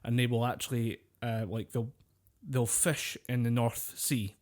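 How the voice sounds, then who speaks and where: A man's voice: medium pitch, steady tone, measured pace, a little mellow. A man co-hosting a podcast, telling long rambling stories in casual chat, swearing freely and laughing often. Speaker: podcast co-host.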